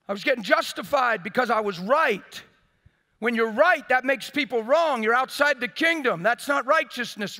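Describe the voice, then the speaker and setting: A man preaching a sermon in an expressive, emphatic way, swinging between loud bursts and hushed passages. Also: extremely high pitch, big-room sound.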